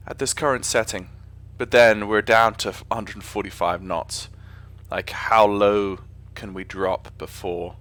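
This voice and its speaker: A man's voice: on the low side, fairly even intonation, unhurried, fairly bright tone. A man with an English accent chatting casually on a live stream while flying a simulator, rambling and often correcting himself. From England. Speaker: flight sim streamer.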